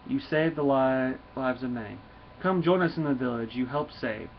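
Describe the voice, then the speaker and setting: A man's voice: mid-range voice, normal speed, close to an everyday voice. A man voicing an earnest, deferential female Viking warrior in formal speech, with dull lo-fi sound and faint noise.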